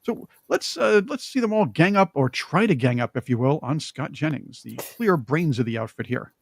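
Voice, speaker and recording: A man hosting a political talk show, opinionated and joking, with emphatic, animated delivery. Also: fairly high pitch, normal speed, gravelly.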